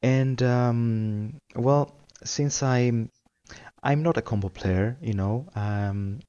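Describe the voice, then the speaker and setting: A man's voice: medium pitch, very slow, dark tone, clean tone, highs cut off. A man talking as a podcast guest in a casual chat, hesitant and full of fillers.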